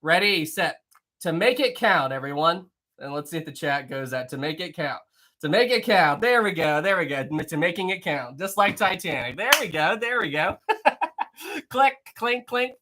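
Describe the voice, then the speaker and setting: A live stream host chatting casually with viewers and reading out chat messages, excitable and rambling, with frequent laughter. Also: mid-range voice, moderate pace.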